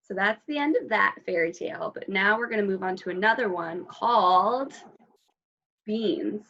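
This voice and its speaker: Expressive woman reading to children. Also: mid-range voice, moderate pace, lo-fi sound. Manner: expressive read-aloud with asides to children. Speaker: librarian storyteller. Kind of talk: children's story time read-aloud.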